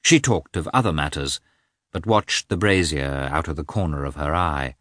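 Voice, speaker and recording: A man narrating a classic novel as an audiobook in a measured, expressive storytelling manner. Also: rumbling low, no echo, clean studio sound.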